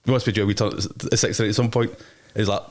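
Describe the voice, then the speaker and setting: A man's voice: on the low side, fairly even intonation, racing. A young Scottish man, a DJ and promoter, telling rambling, slangy anecdotes as an interview guest. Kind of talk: casual interview chat.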